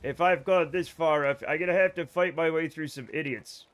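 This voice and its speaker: A man's voice: a little high, normal speed, a bit bright, clean tone. Rambling joking man streaming a game. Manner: rambling, joking, swears freely. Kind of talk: casual let's-play chat with viewers.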